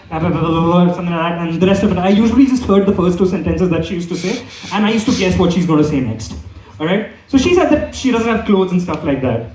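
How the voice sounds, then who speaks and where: A young man doing stand-up in a comedy club hall, his voice high for a man and swinging up and down with lively energy. He rambles through his set and keeps checking in with the crowd. The mic picks him up from a distance, so he sounds roomy. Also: fast talker. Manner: rambling, repeats "okay?" often. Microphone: handheld microphone.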